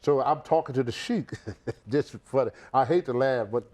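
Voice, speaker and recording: Speaking at a moderate pace with a mid-range voice, an older former pro wrestler spins an animated yarn during an interview. Everyone in the story gets voiced by him.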